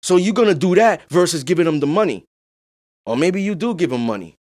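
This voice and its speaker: Man, podcast host, casual monologue, blunt and profane, slightly high voice. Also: animated, brisk, a little mellow. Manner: blunt, profane, emphatic, with frequent "you know what I'm saying".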